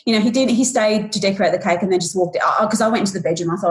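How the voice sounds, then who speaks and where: A woman in her forties, a podcast guest, retelling a painful personal story in a halting, emotional way with many restarts, raising her voice when she acts out what people said. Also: on the low side. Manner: acts out quoted lines in a raised voice.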